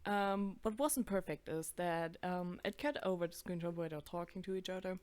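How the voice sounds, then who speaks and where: A woman's voice: fairly low pitch, fairly even intonation, normal speed, crowd noise. A woman in her twenties giving casual reaction commentary, chatty, swearing freely and laughing at herself. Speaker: video creator.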